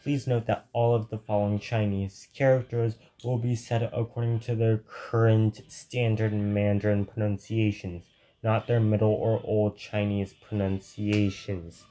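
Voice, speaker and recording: A man giving an unscripted explanation of language history, halting often, correcting himself and stopping to search for the right word. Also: fairly low pitch, level tone, warm tone.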